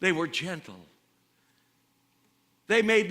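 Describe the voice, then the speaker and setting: High, bright-voiced preacher in a church. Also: male voice, unhurried. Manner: storytelling, swelling to fervent calls. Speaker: pastor. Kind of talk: sermon. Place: church sanctuary. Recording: church hall reverb.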